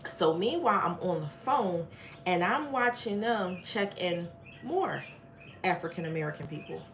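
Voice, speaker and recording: A woman's voice: fairly low pitch, lively intonation, normal speed, a bit bright, a little hiss or hum. A woman hosting a storytime livestream. She tells her story in an emphatic, frank way and talks straight to her viewers. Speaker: channel host.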